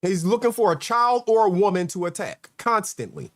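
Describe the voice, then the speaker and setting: A man's voice: high-pitched, very animated, moderate pace. A man hosting a livestream, commenting on played clips in a sarcastic, exasperated way. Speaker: host.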